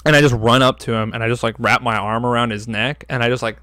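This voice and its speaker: A young man co-hosting a podcast tells a story casually, rambling loosely with plenty of fillers and swearing. His medium-pitched voice is steady, fast, bright and forceful, and the recording has no echo.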